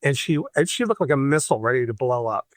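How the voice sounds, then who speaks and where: A man from Michigan, a podcast guest, telling a personal story in an animated way and acting out the voices he quotes. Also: medium pitch, fast talker, no room sound. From Michigan, USA.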